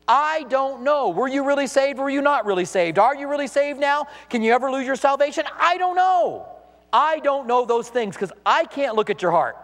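A male pastor delivers an emphatic sermon full of rhetorical questions, his voice high and swinging widely in pitch. The sound carries a long reverb from the church hall around him.

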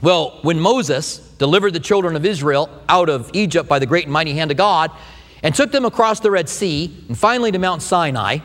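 A middle-aged man preaching a sermon, telling stories with humor in an animated way. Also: fairly high pitch, a little fast. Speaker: pastor. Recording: long hall reverb.

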